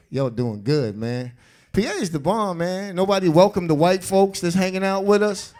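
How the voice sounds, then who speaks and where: A man's voice: high voice, lively intonation, normal speed, darkish tone. A man with a New York accent doing a stand-up comedy set on a live club stage, bantering loosely with the crowd in street talk. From South Bronx, New York.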